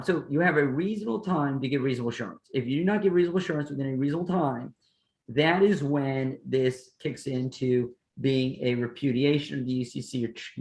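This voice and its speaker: A man's voice: fairly high pitch, echoey room, low-quality recording. A man who teaches law, explaining contract rules in a plain-spoken way with playful hypotheticals. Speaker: law professor and podcast host. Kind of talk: explanatory lecture chat.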